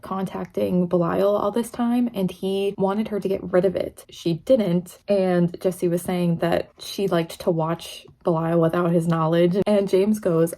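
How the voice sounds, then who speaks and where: A woman's voice: mid-range voice, creaky, warm tone. A young woman vlogging her reactions while reading, chatty and emotional, tearful and laughing often. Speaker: book vlogger. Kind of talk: casual reading vlog reactions.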